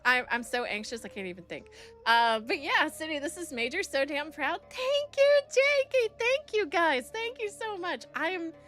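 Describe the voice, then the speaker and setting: A young woman streamer chatting casually with her viewers, bubbly and excitable, openly nervous and thrilled. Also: normal speed, soft background music. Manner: bubbly, excitable, swings high on greetings. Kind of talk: casual live-stream chat, greeting chat.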